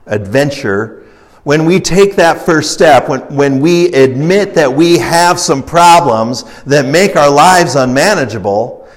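A man preaching a recovery sermon in a conversational, folksy storytelling style, rising in emphasis and acting out the characters in his stories. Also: on the high side. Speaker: pastor leading a recovery ministry.

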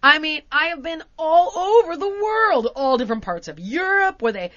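A woman's voice: normal speed, no room sound, highs cut off. An American woman hosting a casual chat, telling a story animatedly and acting out the people she quotes. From United States. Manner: animated, acts out quotes with big pitch swings.

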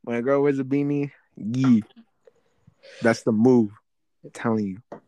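A young man hosting a podcast, talking casually in a halting, rambling way, often searching for words. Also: mid-range voice, mellow, highs cut off. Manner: rambling, halting, many fillers and restarts. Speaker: podcast host. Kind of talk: casual chat.

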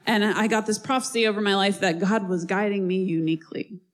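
A woman delivering a sermon at a mid pitch, her tone chatty and lively rather than formal. She moves from reading aloud to direct, conversational asides to her listeners. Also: fairly quick, rough recording. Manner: conversational, animated preaching with asides and laughs. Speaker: preacher.

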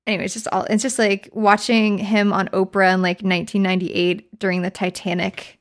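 A woman's voice: level tone, fairly quick. A woman co-hosting a casual chat, playful and joking, laughing often. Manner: playful, laughs often, mimics people in a high voice. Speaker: podcast co-host, musician.

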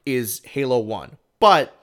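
A man in casual podcast chat whose voice sits at an ordinary middle pitch. He rambles through his points, leaning on fillers and restarting his sentences as he goes. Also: lively intonation, slow pace, fairly bright tone. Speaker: podcast co-host.

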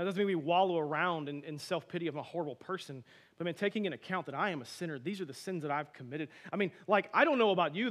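A man preaching a sermon as a pastor, conversational and animated, with sudden loud emphasis. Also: high voice.

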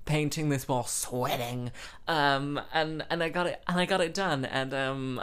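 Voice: medium pitch, a bit bright. Young host; loose, rambling, self-mocking weekly catch-up. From English Midlands. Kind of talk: casual chat.

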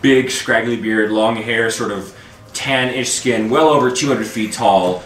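A man running a tabletop game as game master, narrating in a relaxed, rambling way with many fillers. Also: mid-range voice, a little slow, recorded from a distance, a little hiss or hum. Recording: echoey room, off-mic, faint music.

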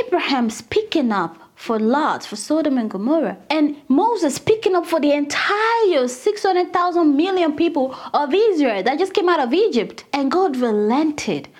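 Animated high-voiced woman teaching scripture. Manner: conversational, keeps addressing listeners as "guys"; dramatizes scripture with acted quotes. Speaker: Bible teacher. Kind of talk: casual Bible teaching.

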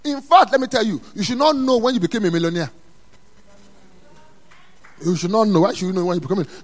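A man preaching a sermon in a church, dropping to quiet asides and then rising to loud, emphatic calls. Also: high-pitched, animated, fast, long pauses. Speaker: pastor.

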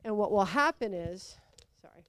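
A woman giving a conversational sermon, telling stories with lively acted-out quotes. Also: medium pitch, normal speed, no echo. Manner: animated storytelling, acts out quotes. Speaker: preacher.

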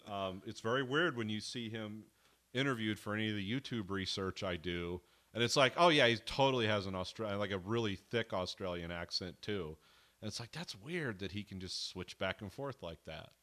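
A man's voice: on the low side, moderate pace, bright, forceful tone. A man co-hosting a casual chat about a TV episode, rambling and acting out characters' lines. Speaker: podcast co-host.

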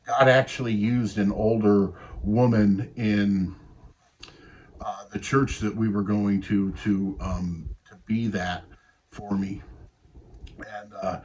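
A man in his forties telling a personal faith story in a halting, tender way, with many pauses and fillers. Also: lowish voice, darkish tone, a little hiss or hum, rough recording. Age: 40s. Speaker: guest sharing a faith story. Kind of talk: personal testimony.

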